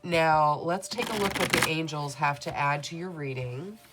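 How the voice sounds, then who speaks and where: Speaking at a normal speed in a deep voice, this tarot reader addresses her viewers as "beautiful souls." Her reading is gentle and affirming, though heavy background noise surrounds her.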